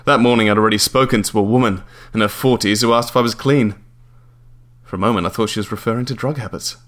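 A man's voice: lowish voice, fast, fairly bright tone. Dry, wry male memoir narrator.

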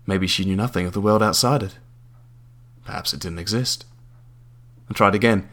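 Male narrator for a memoir audiobook; dry, deadpan wit. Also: lowish voice, moderate pace. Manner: dry, wry understatement.

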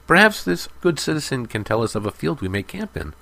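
A man's voice: mid-range voice, sing-song, fairly quick, vocal fry, bright, forceful tone, dry recording, pitched above the performer's own voice, exaggerated voice. A man voicing a jovial, joking young village man. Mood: mocking. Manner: mocking, then pleading.

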